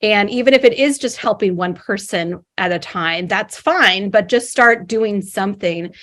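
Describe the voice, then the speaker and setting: A woman guest on a podcast telling her own story in casual conversation, lively and acting out the voices in her head. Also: mid-range voice, measured pace. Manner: animated, acts out her inner voices.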